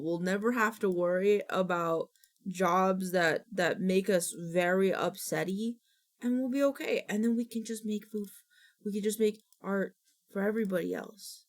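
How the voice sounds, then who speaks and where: A woman streamer chatting casually on a live stream, rambling and frustrated, sometimes slipping into goofy baby talk. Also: mid-range voice.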